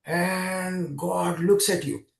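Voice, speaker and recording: A man's voice: high-pitched, steady tone, very slow, gravelly. Earnest man telling a spiritual story. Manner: earnest, storytelling, addresses the listener directly. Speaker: spiritual speaker and regression therapist. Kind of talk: guided spiritual talk to the listener. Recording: roomy echo.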